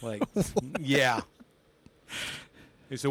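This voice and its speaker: A man's voice: on the high side, normal speed. A young man, a comedian guest on a podcast, telling stories in a casual chat and laughing often as he talks. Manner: animated, laughs often while talking.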